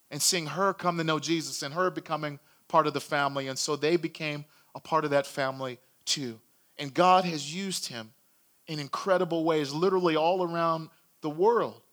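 A man's voice: on the high side, a bit bright. A male pastor telling a story in a sermon, earnest and building in intensity.

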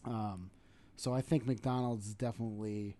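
A young man with a New York accent co-hosting a podcast in casual chat, animated and teasing, laughing often. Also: fairly low pitch, normal speed. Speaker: podcast co-host.

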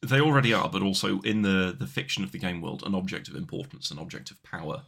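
Gravelly, husky Yorkshire podcast man. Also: deep voice, animated, fast, a bit bright. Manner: dry, rambling, sweary banter. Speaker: podcast co-host. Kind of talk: casual comedic chat.

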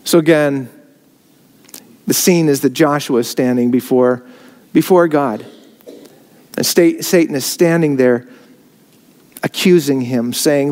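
A man's voice: on the high side, fairly even intonation, unhurried, long pauses, a little mellow. A man preaching a sermon, filmed on camera, rising in emphasis on key phrases. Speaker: pastor. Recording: long hall reverb.

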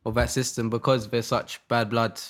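A man's voice: medium pitch, flat delivery, normal speed, a bit bright. A man hosting a podcast, asking questions in a casual way. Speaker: podcast host. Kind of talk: podcast interview.

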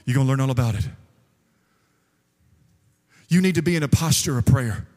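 A male pastor preaching a sermon, telling stories lively and acting out the quotes. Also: medium pitch, normal speed. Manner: lively storytelling with acted quotes. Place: church sanctuary. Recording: long hall reverb.

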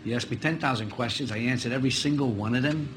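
A man's voice: mid-range voice, fast, noisy background, lightly acted. An actor playing a brash, rude car salesman who mocks and bullies his customers. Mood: exasperated. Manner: mocking, loud, escalating, bullying customers. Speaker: car salesman in a played comedy clip.

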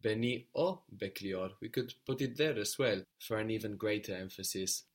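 Man, lowish voice, calm explainer for a language class. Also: moderate pace. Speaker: language teacher. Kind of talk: explaining grammar.

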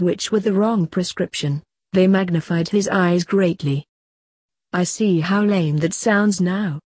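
A woman's voice: fairly low pitch, mellow, breathy edge, no room sound, studio quality. A woman reading a fantasy story aloud, voicing every part plainly in her own voice. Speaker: narrator. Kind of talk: storybook reading with character dialogue.

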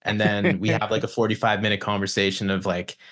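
A man's voice: fairly low pitch, level tone, brisk, a bit bright. Rambling man telling studio stories. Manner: rambling, many restarts, swears, mimics clients. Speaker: guest, recording engineer. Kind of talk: casual podcast chat, storytelling.

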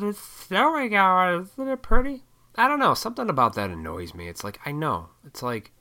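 A man ranting casually and profanely, mocking people with put-on high voices. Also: sharp tone. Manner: profane, sarcastic, mocks others in high voices. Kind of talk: casual rant.

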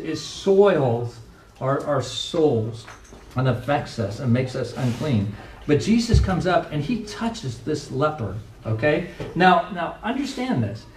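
Middle-aged man preaching, emphatic and earnest, slightly high voice, roomy echo, faint ambience. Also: slight background noise. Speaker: pastor. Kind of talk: sermon. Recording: echoey room, voice from a distance.

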